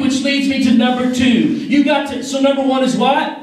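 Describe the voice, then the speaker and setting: A man preaching an energetic youth sermon, joking and leading call-and-response with a crowd in a large hall. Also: very high voice, moderate pace. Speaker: youth pastor. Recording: echoey hall from far off.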